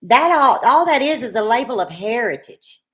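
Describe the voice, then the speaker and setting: A woman's voice: fairly high pitch, sing-song, normal speed. A middle-aged woman with a Louisiana Southern accent, co-hosting a casual live chat in a folksy, teasing, chatty way. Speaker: co-host of a live cooking chat stream.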